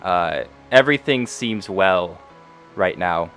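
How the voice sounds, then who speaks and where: A man narrating a tabletop role-playing game as game master, relaxed with frequent fillers. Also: deep voice, slow pace, soft background music.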